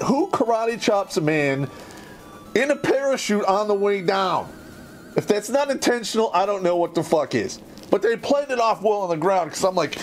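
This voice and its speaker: A man hosting a podcast, telling a profane, animated story about his Army days and laughing through it. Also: fairly high pitch. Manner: animated storyteller, heavy swearing, laughs mid-sentence. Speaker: podcast host and Army veteran. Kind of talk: profane comedic war story.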